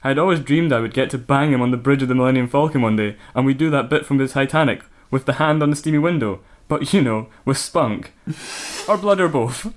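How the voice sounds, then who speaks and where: A man's voice: medium pitch, a little fast, hardly any pauses, natural voice. Man putting on a brash, crude aging woman.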